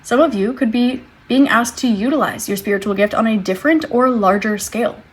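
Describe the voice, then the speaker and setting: A woman with a slightly high, breathy voice gives a tarot reading straight to her viewers. She talks in a gentle, reassuring way and muses aloud as she pulls each card. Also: a little fast. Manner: gentle, reassuring, thinks aloud while drawing cards. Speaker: tarot reader.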